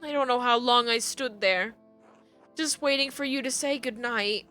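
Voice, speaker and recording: A woman reading as a weary grieving father, in a quiet, tired, softly lowered voice. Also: normal speed, soft background music. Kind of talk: reading game dialogue aloud.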